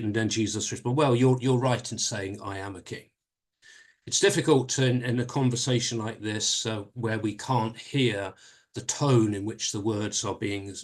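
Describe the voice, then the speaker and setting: A man leading a church Bible study, explaining a passage in a measured way with frequent pauses and restarts. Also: on the low side.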